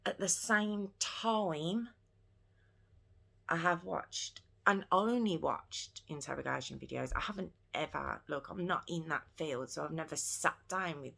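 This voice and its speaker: A woman's voice: deep voice, unhurried, creaky, fairly bright tone. A woman recounting a true crime case in an earnest, casual retelling. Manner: earnest, retelling events in her own words.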